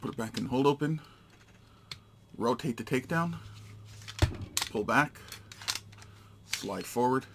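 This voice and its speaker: A man's voice: mid-range voice, animated, takes it slowly, pauses often, very noisy. A man giving a casual, hands-on product demonstration, narrating each step in short, matter-of-fact phrases. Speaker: gun reviewer.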